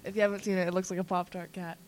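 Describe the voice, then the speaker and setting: A woman's voice: lowish voice, flat delivery, very fast, slight background noise. A young woman hosting a radio show, chatting in a breezy, giggly way. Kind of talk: casual radio chat.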